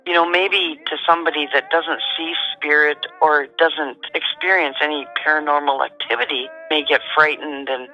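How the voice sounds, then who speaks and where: A middle-aged woman, calmly and matter-of-factly telling a personal story as a guest. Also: deep voice, moderate pace, hardly any pauses, dull audio, soft background music. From Canada. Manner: calm, matter-of-fact storyteller.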